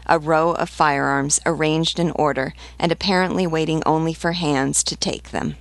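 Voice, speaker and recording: Woman reading a novel aloud, creaky voice. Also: deep voice, no room sound. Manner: measured, steady narration. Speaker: literature teacher reading aloud.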